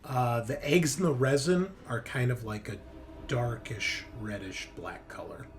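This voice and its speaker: A man's voice: mid-range voice, sing-song, measured pace, soft background music. A man narrating as game master of a tabletop role-playing game, hesitant with many fillers.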